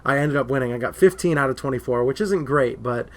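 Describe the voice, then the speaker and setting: A man co-hosting a casual movie talk show, rambling and getting excited when he retells a story. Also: mid-range voice, fast. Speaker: podcast co-host.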